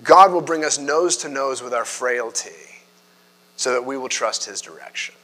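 A man's voice: mid-range voice, moderate pace. A man preaching a sermon in a loose, conversational way, full of fillers and restarts. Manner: conversational, animated, filler-heavy. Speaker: pastor. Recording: long hall reverb.

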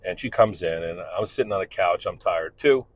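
Deep husky man telling a casual story. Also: moderate pace. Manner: profane, rambling, candid. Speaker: podcast host and father. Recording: dull lo-fi recording.

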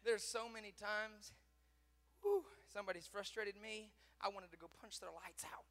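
A man preaching a sermon, swinging from hushed lines to shouted climaxes in dramatic preaching style. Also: sits high, normal speed, long reverb tail.

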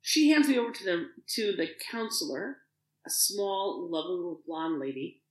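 A middle-aged woman with a fairly low voice recounts a personal story, her delivery animated as she acts out what others said and often restarts mid-sentence. The room has a noticeable echo around her voice. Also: moderate pace. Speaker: podcast guest.

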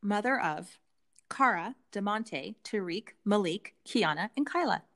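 A woman in casual conversation as a podcast co-host, voice at a middle pitch. She is chatty and lays out her theories at length. Her talk is full of "like" and "um". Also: lively intonation, measured pace, fairly bright tone. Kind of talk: casual chat recapping a reality show.

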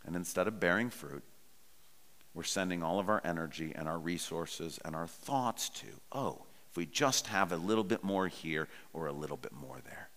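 A man's voice: low voice, expressive, normal speed, a bit bright, long reverb tail. A pastor in his forties preaching a sermon in a conversational, personal storytelling way.

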